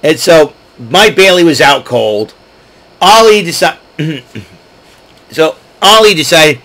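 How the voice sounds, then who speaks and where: Male solo podcast host, excitable and conversational, frequent throat clearing. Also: high voice, a little slow, rough recording. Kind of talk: casual solo recap.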